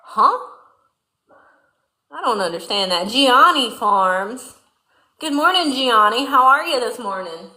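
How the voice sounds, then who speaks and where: A woman's voice: a little high, animated, slow pace, pauses often, bright, forceful tone, echoey room. A woman from Louisiana with a Southern accent and a folksy country twang, hosting a casual farm livestream and chatting with viewers from a barn. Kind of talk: casual livestream chat reading viewer comments. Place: barn during milking chores.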